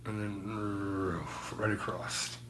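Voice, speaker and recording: A man's voice: lowish voice, steady tone, slow pace, noisy background. A man chatting casually to his viewers while painting on a live stream, rambling and swearing freely. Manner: laid-back, rambling, swears freely, chats to viewers by name.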